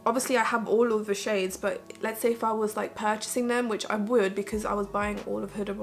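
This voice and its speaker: A woman's voice: medium pitch, fairly even intonation, a little fast, soft background music. A woman beauty vlogger talking her viewers through her makeup in a chatty, rambling way, filling her speech with "like". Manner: chatty, rambling, heavy use of "like". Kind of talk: casual get-ready-with-me chat.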